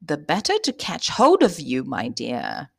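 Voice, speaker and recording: Cunning wolf in granny's bed, low and sly, a woman puts him on. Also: wildly swooping pitch, measured pace, creaky, husky, exaggerated voice. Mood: menacing. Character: wicked cunning male wolf.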